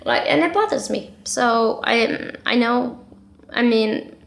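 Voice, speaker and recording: A woman in casual chat as a guest author, blunt and profane, full of fillers and quick restarts. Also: on the high side, creaky. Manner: talks fast with many fillers and restarts.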